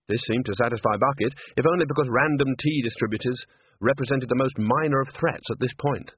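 A man narrating a storybook with an expressive, lively reading. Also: medium pitch, fast, slightly rough, no room sound. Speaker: audiobook narrator. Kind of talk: storybook narration with character voices. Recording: tinny phone-like band, dry.

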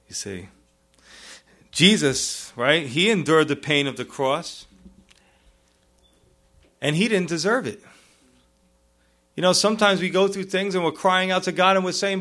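A man's voice: measured pace, pauses often, bright, forceful tone. Earnest man preaching a sermon. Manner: earnest, rises in pleading bursts then drops low; repeats "you see" and "right". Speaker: pastor.

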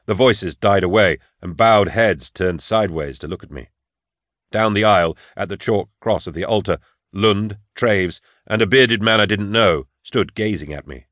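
A man narrates a first-person audiobook in a grave, measured manner. His voice sits on the low side, and he keeps his delivery sombre. The close studio mic gives a dry, roomless sound. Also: a bit bright, no echo.

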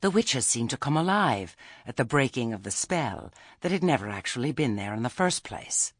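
In a clean studio recording with no echo, a man with a mid-range voice narrates an audiobook. His scripted storytelling is measured and expressive.

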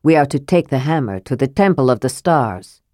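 A woman's voice: a bass voice, lively intonation, moderate pace, mellow, no room sound, studio quality, pitched below the performer's own voice. A woman voicing an impatient, haughty young man in an audiobook, speaking coldly and stiffly. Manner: cold and stiff. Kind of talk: audiobook character voice.

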